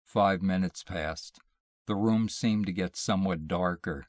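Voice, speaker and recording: A man reading a short story aloud in a measured, deliberate storytelling manner. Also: deep voice, dry recording, clean studio sound. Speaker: audiobook reader.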